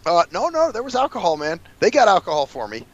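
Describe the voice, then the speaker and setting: A fairly high, very lively male voice that rambles through a story, peppered with swearing and "dude." The recording sounds dull and lo-fi. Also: fast talker. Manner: rambling storyteller, swears freely, says "dude" and "man" a lot. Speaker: podcast co-host. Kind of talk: casual chat.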